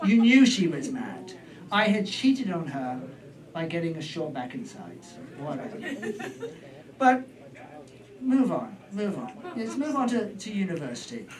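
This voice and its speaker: A man's voice: sits high, distant mic, poor audio. British man telling a rambling stand-up story. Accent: British English. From Britain. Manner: rambling, self-deprecating, trailing asides. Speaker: stand-up comedian. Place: comedy club stage.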